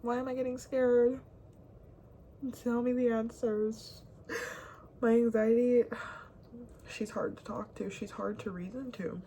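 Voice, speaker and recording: A young woman talking candidly to camera in a rambling, confessional way, now and then dropping to a hushed whisper. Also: on the high side, fairly even intonation, takes it slowly, long pauses, a little hiss or hum. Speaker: vlogger. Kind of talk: candid personal talk to camera.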